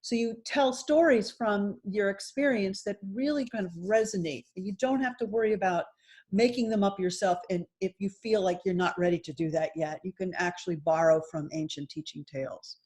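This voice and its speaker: A middle-aged woman and yoga teacher giving a workshop talk, telling a story with lively, animated delivery. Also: mid-range voice, moderate pace.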